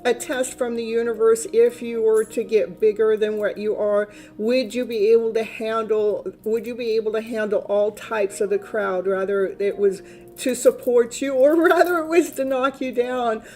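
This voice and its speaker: A woman's voice: a little high, fairly even intonation, normal speed, darkish tone. Chatty woman, rambling tarot reader. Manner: rambling, chatty, laughs often. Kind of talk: casual live-stream chat.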